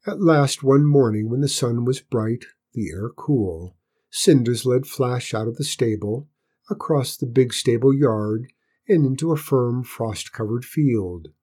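Slow, mellow male storyteller. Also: medium pitch, slightly rough. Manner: slow, gentle, unhurried reading. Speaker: narrator. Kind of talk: storybook reading.

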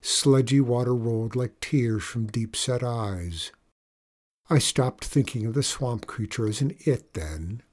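A man reads a first-person storybook tale aloud at a slow, deliberate pace. His voice sits at an ordinary middle pitch, and his delivery is measured and even. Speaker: audiobook reader.

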